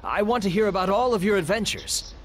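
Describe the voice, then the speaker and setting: An actor voicing an earnest, dutiful young village militiaman in a video game, sincere and warm-hearted. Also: high-pitched, expressive, fairly quick, slight background noise.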